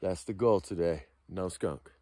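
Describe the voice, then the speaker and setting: A middle-aged man vlogging outdoors on a forested slope, talking into a handheld camera in a rambling, halting way full of fillers. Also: low voice, mellow, dry recording. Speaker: outdoor vlogger hunting moose antler sheds. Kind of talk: casual hiking vlog to camera.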